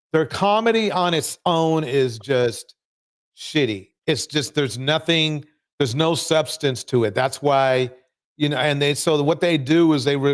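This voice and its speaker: A man co-hosting a panel discussion, summing up points in a measured way and passing the floor to others. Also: medium pitch, smooth. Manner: measured, sums up and passes the floor.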